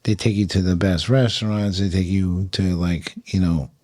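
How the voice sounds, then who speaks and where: A man's voice: deep voice, fairly even intonation, normal speed, darkish tone, dry recording, clean studio sound. A middle-aged man from California, telling stories as a podcast guest in a chatty way, with lots of fillers and laughs. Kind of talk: casual storytelling.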